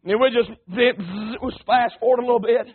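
Man preaching, very high voice, folksy and emphatic, narrow phone-like sound. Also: brisk, breathy edge. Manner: folksy and emphatic, calls on the congregation. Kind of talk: sermon.

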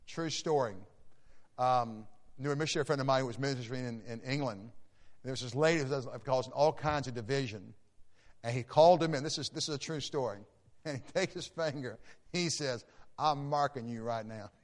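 A pastor preaches an evening sermon, stumbling over restarts and then bursting into loud, emphatic lines. His voice sits at an ordinary male pitch. A long reverb trails his voice through the church hall. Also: brisk. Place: church sanctuary.

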